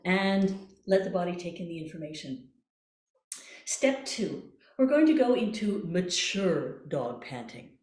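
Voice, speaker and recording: A woman's voice: lowish voice, lively intonation, a little slow, a little mellow, roomy sound. A woman voice coach leading a workshop, guiding breathing exercises with playful images and encouragement. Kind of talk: online voice workshop.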